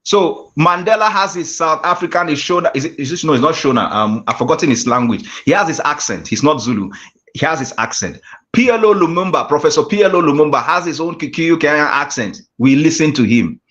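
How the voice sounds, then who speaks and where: A man gives an emphatic lecture over a video call, returning to his key phrases again and again. His voice sits a little high for a man. The call audio is dull and lo-fi. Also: expressive, fairly quick, a bit bright. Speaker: guest speaker on communication. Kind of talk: lecture in an online class.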